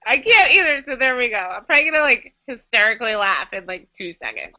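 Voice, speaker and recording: A woman's voice: a little high, sing-song, fast, pushed and bright. A woman guest in a casual recorded chat, giggly and chatty, with lots of "like" in her speech. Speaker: guest, erotica writer and editor. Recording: dull lo-fi web recording.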